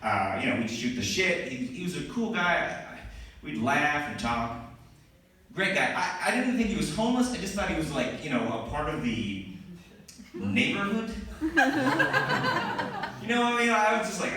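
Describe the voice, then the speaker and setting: Animated, bright-voiced stand-up comedian. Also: male voice, sits high, slight background noise. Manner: animated storytelling with laughing asides and put-on voices. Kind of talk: stand-up storytelling. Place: comedy club. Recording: echoey club recording from a distance. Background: audience laughter.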